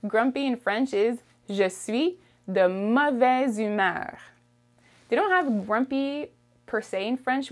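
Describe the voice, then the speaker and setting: Slow, patient woman teacher. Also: medium pitch. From Canada. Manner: patient, repeats each phrase slowly, often asks "okay?". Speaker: French teacher. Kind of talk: language lesson, repeating phrases.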